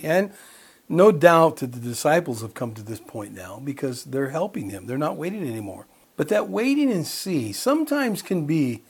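A middle-aged pastor preaches a sermon in a middle-pitched voice that's a little husky, breathy and darkish. Conversational in manner, he alternates between reading verses and telling personal stories, acting out bits of dialogue and laughing along the way.

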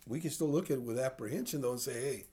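A man's voice: mid-range voice, fast, dark tone. Older man preaching a conversational sermon. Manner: conversational teaching, asks the audience questions. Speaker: pastor. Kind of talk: sermon teaching.

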